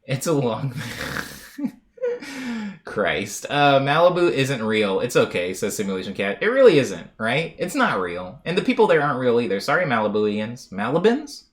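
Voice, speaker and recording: A man's voice: medium pitch, huge pitch swings, moderate pace. A young man streaming live, reading viewer comments aloud and riffing on them in a rambling, jokey way with frequent laughs. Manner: rambling, jokey, laughs often, trails off on tangents.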